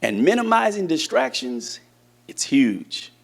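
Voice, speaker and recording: A man's voice: mid-range voice, big pitch swings, unhurried, creaky. A man preaching a sermon in a church, talking conversationally and asking the congregation questions. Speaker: church teacher.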